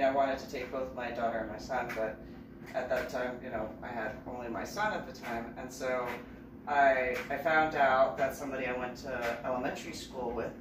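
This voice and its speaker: A woman from New Jersey telling a story casually to camera, lively as she acts out remembered dialogue. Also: a bass voice. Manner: animated, raising her voice to act out quoted dialogue. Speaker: vlogger. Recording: roomy, distant mic, noisy background.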